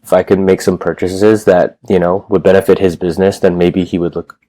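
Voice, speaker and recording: A man in his thirties tells his story as an interview guest. His voice sits low and mellow, recorded dry and close. He rambles casually, doubling back and swearing now and then. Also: flat delivery, a little fast, no room sound. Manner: rambling storyteller, loose and profane. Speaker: gym owner, guest.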